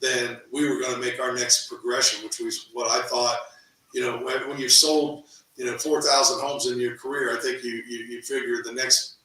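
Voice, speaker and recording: Middle-aged man, bright voice, animated storyteller, echoey room, a bit off mic. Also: medium pitch, moderate pace, distant mic. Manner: animated, repeats words, acts out quoted voices. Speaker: real estate team owner, interview guest. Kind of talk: casual storytelling interview.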